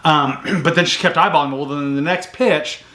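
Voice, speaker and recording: A man hosting a sports recruiting show, casually recapping a softball game play by play with lots of fillers. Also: on the high side, moderate pace. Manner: chatty, recounts plays step by step with fillers.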